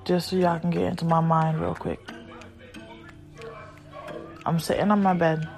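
A woman's voice: lowish voice, flat delivery, measured pace, creaky, a little mellow, lo-fi sound, soft background music. A woman hosting a podcast who talks frankly and in a scattered way to her listeners, breaking off now and then to look after her kids. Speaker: podcast host and mother. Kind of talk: candid casual rambling to listeners.

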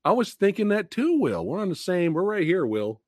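A man hosting a live stream, reacting to movie trailers in a profane, animated way, laughing and booing. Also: sits high, normal speed, dry recording, clean studio sound.

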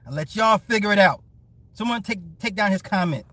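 Here a live-stream commentator with a bright, forceful, high-pitched voice speaks briskly and expressively in a dry recording. Laughing often, he casually rants to his live chat, telling a petty, profane story that teases and mocks someone.

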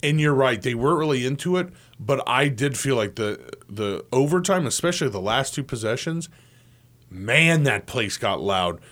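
Brief: male sports radio co-host, lively joking delivery with a very expressive pitch, prone to bursts of shouting. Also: moderate pace. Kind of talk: casual sports talk. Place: radio studio.

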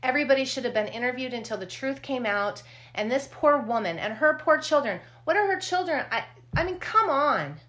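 A woman co-hosting a true crime chat, blunt and fired up. She swears without a pause. Her voice is bright and forceful and sits a little high. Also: expressive. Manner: blunt, indignant, swears freely. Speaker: podcast co-host.

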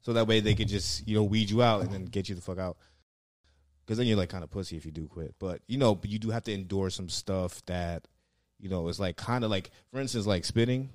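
Deep-voiced guy rambling thru a story, cussing a lot, dry close sound. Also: fairly quick, no room sound. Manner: laid-back, swears a lot, lots of fillers. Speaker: guest telling stories. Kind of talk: casual storytelling.

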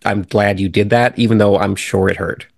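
A man's voice: on the low side, steady tone, moderate pace, gravelly, no room sound, studio quality. A man co-hosting a casual podcast, speaking hesitantly with many restarts and fillers. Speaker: podcast co-host.

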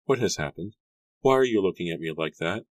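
A man's voice: sits low, animated, fairly quick, dry recording. A man reading aloud and voicing a frightened young farm girl from colonial times, breathless and pleading.

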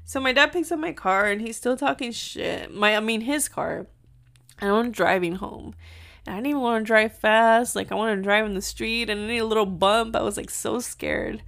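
A woman's voice: on the high side, moderate pace, gravelly, fairly bright tone. A woman in her thirties telling viewers a personal story in a chatty, filler-heavy way, mixing in Spanish words. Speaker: vlogger.

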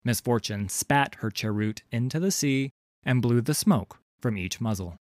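A man narrating a fantasy story in a measured, expressive audiobook style on a close studio mic. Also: mid-range voice, dry recording.

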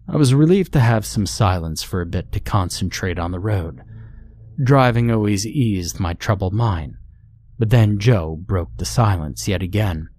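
A man's voice: on the low side, expressive, measured pace, darkish tone. A man narrating a scripted horror story in a grave, brooding way.

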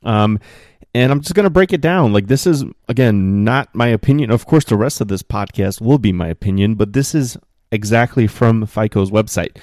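A man with a low, mellow voice hosts a solo podcast from a spare room at home. The recording is dry and close, with no room sound. He talks loosely and fills gaps with "uh" and "um", and he grows heated as he talks. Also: normal speed, no room sound. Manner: animated, gets worked up, many fillers. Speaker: podcast host.

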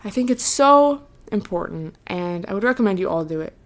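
A young woman hosts her own podcast in a casual solo chat, her medium-pitched voice expressive and brisk. She talks earnestly and reassuringly, saying "like" a lot and letting thoughts trail off.

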